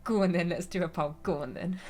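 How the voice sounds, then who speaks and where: A young woman chats through a game stream in a relaxed, rambling way, often giggling. Her voice sits a little low. Faint music plays under her. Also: moderate pace. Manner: chatty, giggly, reads chat aloud. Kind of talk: casual livestream chat.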